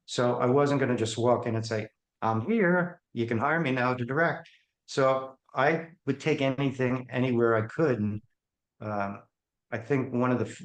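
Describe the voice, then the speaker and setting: Man telling stories in an echoey room. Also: mid-range voice. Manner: animated, acts out the voices in his anecdotes. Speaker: guest. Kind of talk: storytelling in an interview.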